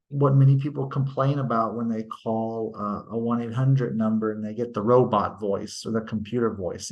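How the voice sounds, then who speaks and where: In a recorded lecture, a male teacher with a lowish, creaky voice explains things slowly and patiently, often adding tag questions. He pauses now and then to act out example sentences, showing how the intonation should sound.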